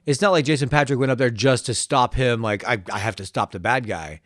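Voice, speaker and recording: A wisecracking man banters on a podcast with quick asides. His voice sits at a medium pitch, and the dry, close recording has almost no echo. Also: a bit bright. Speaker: podcast co-host. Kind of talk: casual comedic banter.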